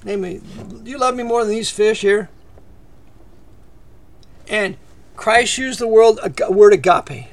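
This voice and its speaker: A preacher with a high, gravelly voice delivers an expository sermon a little slowly, with long pauses. He builds to emphatic peaks and drops to near-whispered asides, reading scripture in old English before paraphrasing it conversationally.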